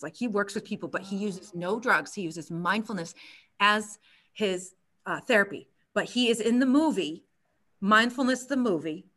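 A woman yoga instructor telling a story in a casual interview, chatty and animated with many restarts. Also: mid-range voice.

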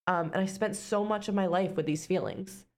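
A woman's voice: lowish voice, brisk, a little mellow. A woman co-hosting a podcast, speaking earnestly and reflectively in casual chat. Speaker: podcast co-host.

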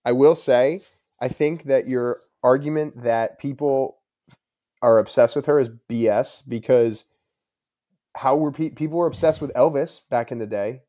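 A young man pushes back calmly against his co-host in a casual podcast chat. His voice is dark and mellow, and he lays out his point patiently. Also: mid-range voice, measured pace.

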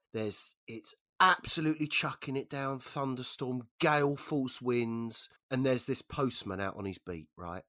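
A man hosting a casual podcast chat and telling long jokes with lively storytelling. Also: mid-range voice. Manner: animated storyteller. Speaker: podcast host.

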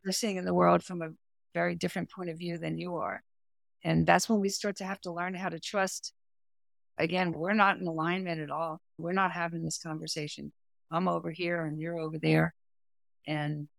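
Woman, middle-aged, coach in a podcast interview, explanatory, animated, gravelly voice. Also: on the low side, moderate pace, no echo, studio quality. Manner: animated, explanatory, talks with her hands. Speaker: executive performance coach and therapist. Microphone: remote audio, no camera.

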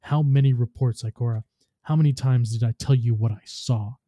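A man's voice: mid-range voice, steady tone, normal speed, mellow, no echo, natural voice. A man reading the lines of a frightened, furious female robot who speaks in a tense, accusing way.

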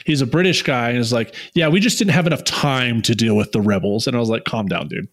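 Fast-talking and mid-range in pitch, this young podcast co-host keeps the conversation loose. He jokes around casually and keeps breaking into giggles.

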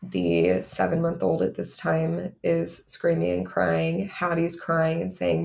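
A woman in her thirties tells her own story on a podcast, candid and rambling, stringing thoughts together with "like." Her voice sits low and carries a strong gravelly fry throughout. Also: expressive, normal speed, darkish tone. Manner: candid, run-on telling with many "like"s. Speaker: podcast co-host.

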